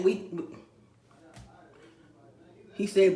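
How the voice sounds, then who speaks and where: A woman's voice: medium pitch, steady tone, drawn-out words, long pauses, reverberant. A middle-aged woman from Dallas, Texas, ranting in a profane, rambling vlog recorded at home. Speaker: YouTuber. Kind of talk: emotional vlog rant. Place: home room.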